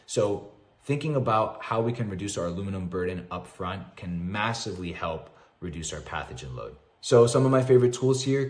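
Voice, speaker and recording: A man with a very low voice explains things in a plain, confident, informal way. His voice carries a noticeable echo from the room around him. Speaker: mineral-balancing practitioner. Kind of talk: explanatory health lecture to camera.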